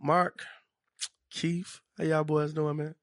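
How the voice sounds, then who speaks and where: A man hosting a casual podcast, telling stories in loose slang and laughing easily. His voice sits a little high and sounds dry and close to the mic. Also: flat delivery, slow, no echo. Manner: laid-back, laughs often, slangy storytelling. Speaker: podcast host. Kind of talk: casual chat.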